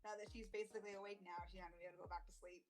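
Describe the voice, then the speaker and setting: A woman at a tabletop game, narrating her character in the third person and giggling often. Her voice sits at a medium pitch. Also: flat delivery, very fast, soft background music. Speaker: player.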